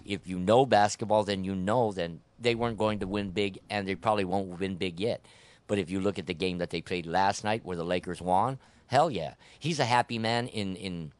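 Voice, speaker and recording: A man with a very low, deep voice gives blunt, opinionated takes in a casual podcast chat. He often restarts mid-sentence. The sound is dry and close, with no room behind it. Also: darkish tone, no room sound. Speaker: podcast host. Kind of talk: casual sports and politics chat.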